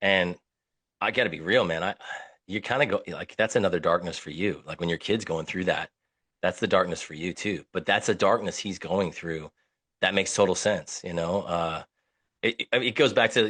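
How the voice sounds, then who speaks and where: A man's voice: low-pitched, a bit bright. A man hosting a podcast in casual chat, blunt and profane, often restarting his sentences. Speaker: podcast host.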